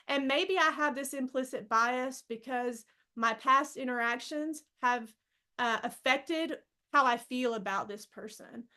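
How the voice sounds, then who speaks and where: A woman's voice: high-pitched, pushed and bright. A woman presenting a training session, explaining ideas step by step and checking in with the audience. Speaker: workshop presenter.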